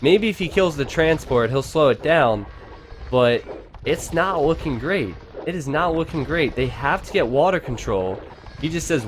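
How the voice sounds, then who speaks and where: A man giving casual, excitable commentary on a strategy game match, chatting to his viewers. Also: a little high, moderate pace, a little hiss or hum. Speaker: game caster.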